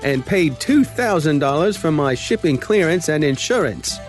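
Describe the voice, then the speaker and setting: A man's voice: fairly high pitch, expressive, normal speed, soft background music, lightly acted. A man voicing a pushy online scammer in a put-on Australian accent, his voice raised and salesy. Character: pushy male Facebook scammer promising free grant money.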